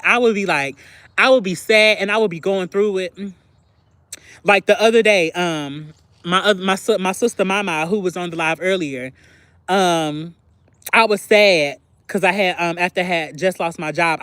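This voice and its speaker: Young man, high voice, dry close sound, candid livestream chat, expressive, clears throat often. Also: moderate pace, no room sound. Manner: expressive, confiding, acts out little phone conversations. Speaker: livestream host.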